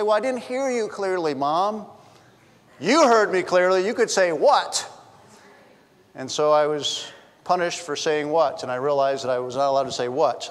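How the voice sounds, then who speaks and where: A high-pitched middle-aged man preaches as a pastor in a church sanctuary, his voice trailing into a long reverb. He spins humorous family stories and trades chatty asides with the congregation.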